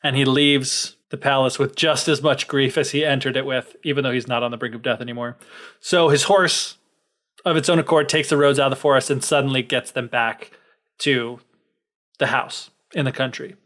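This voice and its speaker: A young man co-hosting a podcast retells a fairy tale casually, in a chatty style packed with fillers. His mid-range voice is steady in tone, a bit bright, and moves at a normal speed.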